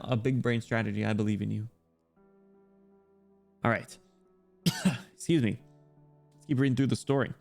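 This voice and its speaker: A man's voice: medium pitch, moderate pace, pauses often, faint music behind. A man streaming a game, chatting casually with viewers and reading story text aloud, with lots of filler words. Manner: chatty, talks directly to viewers, frequent "like" fillers; reads story text aloud in a softer, quieter voice.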